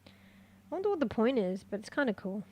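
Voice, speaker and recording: A woman streams a game in loose, casual chat. Her voice sits somewhat high, and she is easily excited and swears without thinking. She drops into quiet muttering and then bursts out loud. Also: moderate pace, breathy edge. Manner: jumps between quiet muttering and loud outbursts. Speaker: live streamer.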